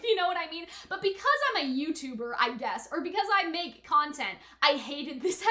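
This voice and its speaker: In an echoey room, a young woman with a high voice reacts on YouTube to an anime episode. Her viewing is punctuated by shrieking and gasping outbursts, followed by a rambling, casual rant to camera heavy on "like."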